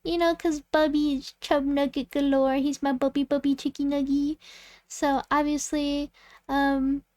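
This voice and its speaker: A woman's voice: sits high, flat delivery, measured pace, darkish tone, dry recording. A woman artist chatting casually while she draws, rambling with lots of "like" and "um" and giggling often. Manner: rambling and giggly, full of "like" and "um" fillers. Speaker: artist and channel host. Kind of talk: casual chat while drawing.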